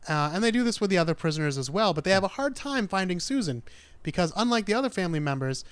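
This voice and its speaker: A man's voice: high-pitched, sing-song, quick pace, smooth, no room sound. A man hosting a podcast, telling a true-crime story in a casual, chatty way with dry jokes. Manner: chatty, dry jokes, acts out quoted people. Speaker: podcast host.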